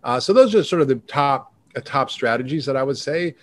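A middle-aged man, a doctor and podcast guest, talking briskly and rattling off long lists. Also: mid-range voice, animated. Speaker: functional medicine doctor, guest. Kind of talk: podcast interview.

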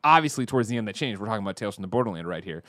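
A man co-hosting a podcast in casual chat, talking in an animated, rambling way and correcting himself mid-sentence. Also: on the low side, rapid-fire, no room sound, clean studio sound. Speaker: podcast co-host.

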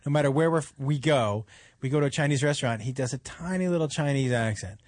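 A man's voice: medium pitch, quick pace, no room sound, clean studio sound. A man hosting a radio show, joking and swearing in casual banter with his co-hosts. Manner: animated, jokey, swears freely.

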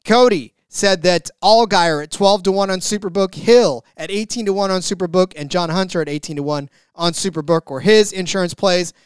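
Guy with a high clear voice hyping betting picks on a podcast, dry close mic. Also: normal speed, hardly any pauses, dry recording. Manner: excitable, reads out a bet list, stammers at times. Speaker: podcast co-host. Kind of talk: casual sports betting chat.

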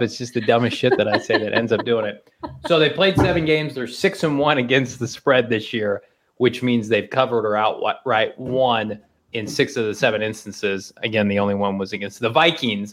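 A man co-hosting a sports podcast. His talk is animated and full of jokes. He laughs easily as he goes. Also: mid-range voice. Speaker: podcast co-host. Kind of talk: casual sports podcast chat.

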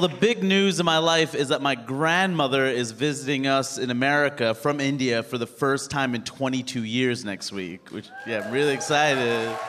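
Man doing stand-up in a reverberant hall. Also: mid-range voice. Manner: animated storytelling, mimics other people. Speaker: stand-up comedian. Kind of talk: stand-up comedy set. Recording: live hall with reverb, faint noise.

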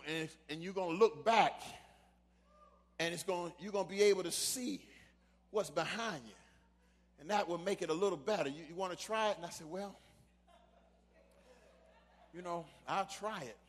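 A high, bright male preacher with a husky, gravelly edge, swinging between fiery shouting and hushed storytelling. His voice rings out in a large hall with a long echo. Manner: shouting preacher who drops to a quiet storytelling voice. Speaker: pastor. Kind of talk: sermon.

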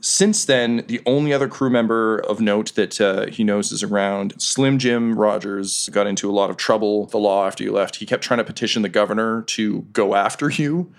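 A man running a tabletop role-playing game, narrating scenes in a lively way with frequent fillers. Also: lowish voice, normal speed, few pauses. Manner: lively storytelling with laughs and filler words. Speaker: game master.

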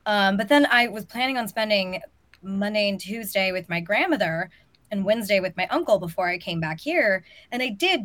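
A woman's voice: mid-range voice, expressive, moderate pace, fairly bright tone, dry recording. A woman co-hosting a casual sports podcast, playful and chatty, still recovering from losing her voice. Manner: chatty, playful, filler-heavy. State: recovering from a lost voice. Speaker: podcast co-host.

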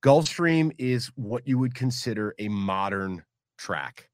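Male podcast host, mid-pitched, relaxed rambling delivery, dry close mic. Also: takes it slowly, no room sound. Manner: loud, punchy ad read then relaxed, rambling chat. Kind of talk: casual chat and host-read ad.

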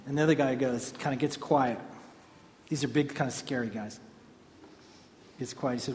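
A man delivers a sermon in a relaxed storytelling manner, his slightly raised voice carrying through a large hall with a long reverb tail. A faint room ambience sits underneath. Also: a little high, moderate pace, a little hiss or hum. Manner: storytelling, animated and conversational. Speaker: pastor.

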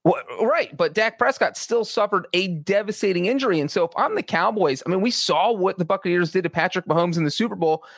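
A man's voice: high-pitched, animated, brisk, vocal fry, hardly any pauses, no echo, studio quality. A man talking sports as a podcast regular, chatty and analytical with many fillers. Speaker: football writer and podcast regular. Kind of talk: casual podcast sports talk.

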